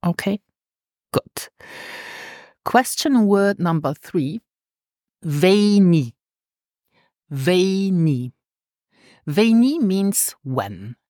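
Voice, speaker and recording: Slow, patient woman teaching a language. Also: mid-range voice, big pitch swings, warm tone, no room sound, studio quality. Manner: patient, repeats words slowly for pronunciation. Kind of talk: language lesson.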